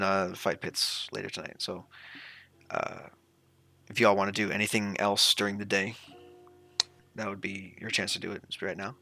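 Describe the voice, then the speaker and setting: Gravelly game master explaining rules. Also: male voice, lowish voice. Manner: relaxed, rambling explanations with fillers.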